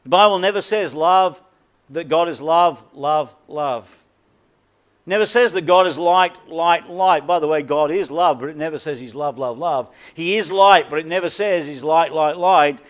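A pastor delivering a sermon, preaching emphatically with deliberate repetition and dramatic drops to a quiet voice. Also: male voice, a little high.

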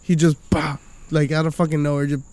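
A man's voice: on the high side, little pitch movement, a little fast, darkish tone. A man casually telling a story in a studio, swearing constantly and acting out what people said. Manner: profane, laid-back storyteller, acts out quotes. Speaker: podcast co-host.

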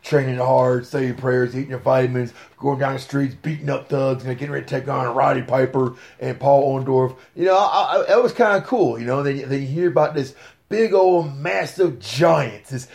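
A man, telling stories as an interview guest in a casual podcast chat, excitable and full of fillers. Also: medium pitch, moderate pace, vocal fry. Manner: excitable storyteller, lots of fillers.

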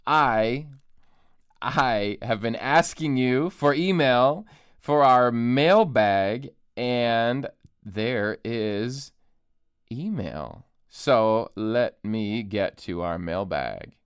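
A man's voice: medium pitch, expressive, drawn-out words, clean tone, no room sound, clean studio sound. A man hosting a solo podcast from an empty room, chatting in a joking, self-deprecating way. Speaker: podcast host and author. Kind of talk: casual solo podcast monologue. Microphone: studio microphone.

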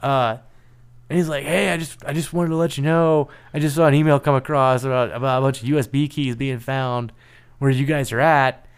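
A man in a casual chat telling a story about a job, relaxed and wry, acting out the people he quotes. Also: medium pitch, brisk, clear, resonant tone. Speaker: penetration tester co-host.

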